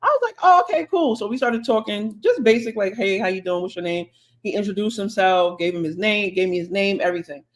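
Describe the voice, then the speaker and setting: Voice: mid-range voice, fairly even intonation. Chatty podcast co-host telling a story. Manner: chatty, drawn-out anecdote with quoted dialogue. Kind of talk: casual storytelling.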